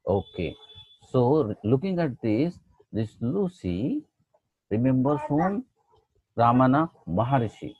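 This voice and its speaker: Slow-speaking male teacher, tinny dry sound. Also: mid-range voice, sing-song, husky, dry recording. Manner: slow, patient questions to pupils, mixing in Hindi phrases. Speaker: schoolteacher. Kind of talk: online class lesson for children. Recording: dry, tinny phone-like recording.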